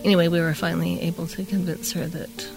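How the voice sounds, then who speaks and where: Gravelly, low-voiced woman telling a rambling story. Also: little pitch movement, fast talker, over music. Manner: rambling, chatty, re-enacts quoted dialogue. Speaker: podcast co-host telling a story. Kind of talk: casual storytelling.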